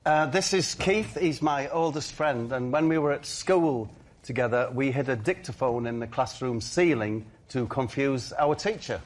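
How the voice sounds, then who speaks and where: Deadpan man telling a story slowly. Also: medium pitch. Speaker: comedy panel show guest. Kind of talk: telling a story on a panel show.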